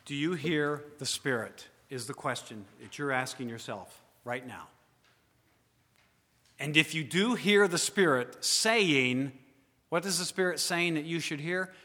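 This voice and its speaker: A man preaching a sermon, asking the congregation rhetorical questions, rising to loud emphasis and then dropping to quiet asides. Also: a little high, unhurried. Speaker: pastor. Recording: long hall reverb.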